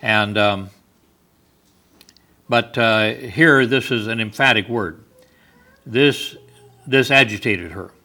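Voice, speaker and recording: A man's voice: fairly low pitch, slow, long pauses, pushed and bright. A man teaching a Bible study in sermon style, thoughtful and explanatory, with small asides and chuckles.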